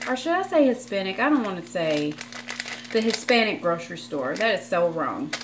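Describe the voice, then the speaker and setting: A woman's voice: mid-range voice, sing-song, normal speed, background noise. A woman vlogger talking casually through a cooking demonstration in her home kitchen, rambling and chatty with apologetic asides. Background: frying and sizzling in a skillet.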